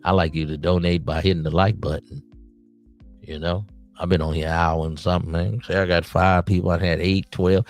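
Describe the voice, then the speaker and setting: A man with a very low, gravelly voice runs a loose late-night podcast stream. He lectures his listeners like an uncle handing out hard-won street advice, with faint music playing behind him. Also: level tone, a little fast. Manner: streetwise, preachy advice to "nephews". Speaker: podcast host. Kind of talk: casual late-night livestream monologue.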